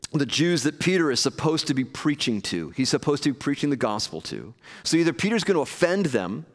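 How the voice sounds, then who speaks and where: Conversational male pastor in a reverberant hall. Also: a little high. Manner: conversational, acts out scenes with playful asides. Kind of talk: sermon. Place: church hall with live audience.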